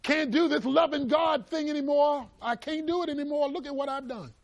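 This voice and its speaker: A man's voice: very high voice, quick pace, pitched above the performer's own voice. A male pastor acting out a despairing, guilt-stricken fisherman apostle in a sermon, broken and pleading. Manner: broken, pleading, dropping to a murmur.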